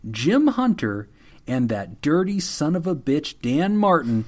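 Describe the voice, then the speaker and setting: A man's voice: on the high side, a little slow. Joking man hosting a podcast. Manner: joking, deadpan mock apologies; laughs often. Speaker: podcast co-host. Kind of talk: casual chat.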